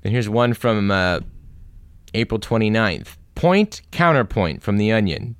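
Low-voiced man hosting a radio show. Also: expressive, a little slow, no room sound, studio quality. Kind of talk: reading jokes and satire on radio.

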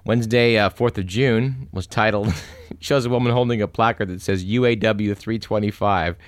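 A man's voice: on the low side, fairly even intonation, moderate pace, dry recording. A man hosting a radio show, reading jokes and satire aloud in a dry storytelling delivery.

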